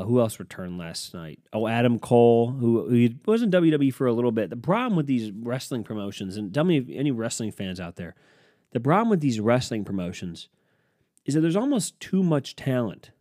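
A man's voice: mid-range voice, animated, normal speed, dark tone, no room sound, studio quality. A man, hosting a solo podcast and ranting sarcastically, swearing often as he reacts to headlines. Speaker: podcast host. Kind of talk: profane solo podcast rant.

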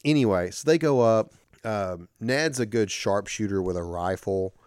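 A man's voice: on the low side, moderate pace, a little mellow, clear, resonant tone, no echo. A man co-hosting a podcast, recapping a film plot in a loose, rambling way. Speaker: podcast co-host. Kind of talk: casual chat.

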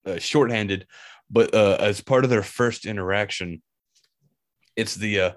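A man co-hosting a podcast, talking about a film in a casual, animated way with frequent restarts. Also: on the low side, a little slow. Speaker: podcast co-host.

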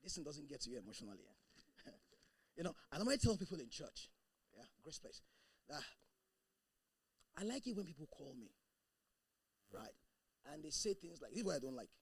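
Male pastor, high voice, lively swings, husky tone, dry close sound. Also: normal speed, pauses often, no echo. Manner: animated, laughing, shouting bursts. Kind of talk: sermon.

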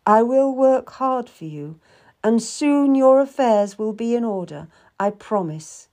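A woman voicing a polite, charming young male secretary in an audiobook, speaking gently and courteously. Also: a little high, expressive, takes it slowly, pitched above the performer's own voice. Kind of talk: audiobook reading.

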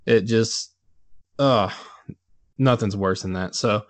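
A man's voice: lowish voice, takes it slowly, no echo. A man co-hosting a casual podcast, grumbling bluntly about things that annoy him. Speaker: podcast co-host. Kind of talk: casual chat.

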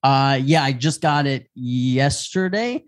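A laid-back man chatting on a podcast, rambling through his stories. He jokes along with his friends. His voice has an ordinary pitch. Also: expressive, slow pace. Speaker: podcast co-host. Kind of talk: casual chat.

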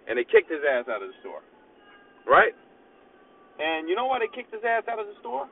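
A man's voice: huge pitch swings, normal speed, vocal fry, long pauses, breathy edge. A man, a father, doing a casual, rambling podcast from inside a car, talking in slang and getting cut off by his kids. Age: adult, father of young kids. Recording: phone-like sound with faint vehicle rumble.

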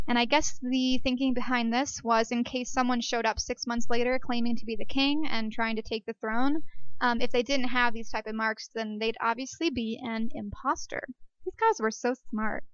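A woman's voice: on the high side, normal speed, fairly bright tone, clean tone, no echo, highs cut off. A woman hosting an archaeology show, talking casually and joking between facts. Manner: chatty and jokey, self-deprecating asides. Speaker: podcast host. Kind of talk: casual educational monologue.

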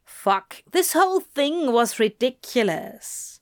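A woman slowly reading a romantic story aloud in an intimate tone. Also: mid-range voice, expressive, fairly bright tone. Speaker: reader. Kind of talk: reading fan fiction aloud.

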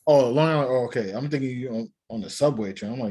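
Husky-voiced New man chatting. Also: medium pitch, warm tone. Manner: rambling, slangy, quick to laugh. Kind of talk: casual chat.

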